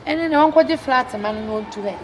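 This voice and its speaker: A woman, lively and teasing, performing a street comedy skit outdoors. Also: sits high, fast, a crowd in the background. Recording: noisy outdoor street recording.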